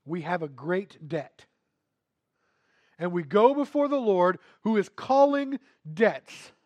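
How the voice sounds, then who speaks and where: A man preaching a sermon and retelling a scripture story, swinging between hushed, quiet passages and emphatic, louder ones. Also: sits high, animated, slow, muffled recording.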